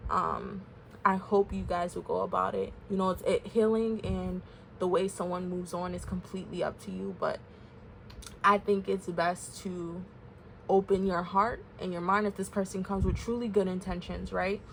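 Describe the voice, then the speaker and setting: A woman's voice: lowish voice, fairly even intonation, moderate pace, creaky, slight background noise. A woman giving a casual tarot reading, talking openly and emotionally to her viewers with many fillers. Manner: candid, emotional, chatty with fillers. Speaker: tarot reader.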